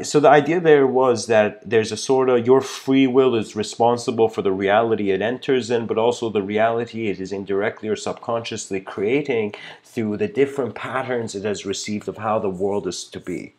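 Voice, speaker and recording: Low-ish guy lecturing on a livestream, rambly and earnest, lots of fillers. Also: animated, normal speed, darkish tone. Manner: rambling, filled with "you know" and "like"; earnest, searching for words.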